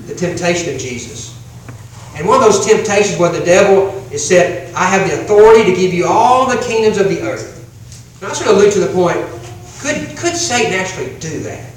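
A man preaching a sermon as pastor, with slow emphatic phrasing that drops to a hush on key lines. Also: sits high. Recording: echoey hall, distant mic, faint room noise.

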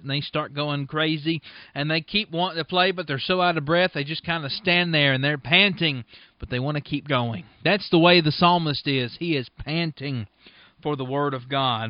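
A man hosting a radio Bible program, reading scripture slowly and deliberately and explaining it. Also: fairly high pitch, no echo. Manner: slow, deliberate scripture reading with emphatic stresses. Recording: dull, dry lo-fi recording.

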